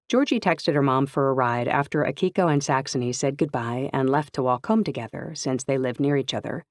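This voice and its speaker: A woman narrating a first-person novel in an even, clear storytelling voice. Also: very deep voice, no echo, studio quality. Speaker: audiobook narrator.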